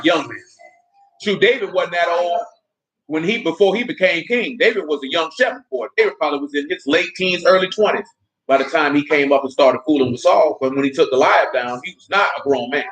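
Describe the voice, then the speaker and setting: Male preacher, fairly high-pitched, talking colloquially to his congregation. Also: a bit bright, poor audio. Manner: conversational preaching, colloquial, asks listeners questions. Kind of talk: sermon.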